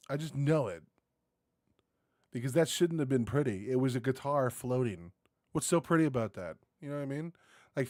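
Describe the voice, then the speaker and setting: A man reacting on camera in a loose, rambling way, swearing freely and leaning on dude and bro. His pitch jumps all over with lively swings. The sound is close and dry, with no room around it. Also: dry recording. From United States. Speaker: reaction video host. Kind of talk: casual reaction commentary.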